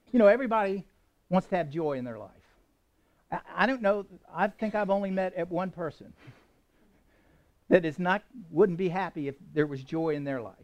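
A man with a high voice preaches a sermon to his congregation. He talks conversationally, asks his listeners questions and chuckles now and then. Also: a little mellow. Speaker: pastor.

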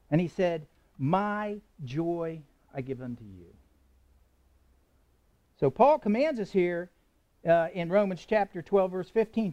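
A man with a high voice preaches a sermon to his congregation. He talks conversationally, asks his listeners questions and chuckles now and then. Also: darkish tone, highs cut off. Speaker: pastor.

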